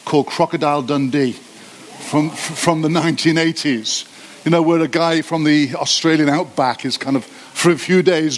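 A man gives a church sermon, talking to his congregation like a friend and poking fun at himself. His voice sits a little high, and he often stops and restarts his sentences as he thinks aloud. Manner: conversational, self-deprecating, halting with many restarts. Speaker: pastor. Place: church hall.

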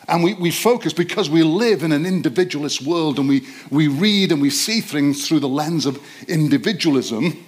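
A man's voice: on the high side, lively intonation. A man with a slightly raised voice preaches to his congregation, leaning hard on chosen words as he reads scripture. He keeps turning to the listeners with questions, drawing them into the talk. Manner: interactive, quizzes the congregation; slows and stresses words in scripture reading. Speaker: pastor. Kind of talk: sermon. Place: church service.

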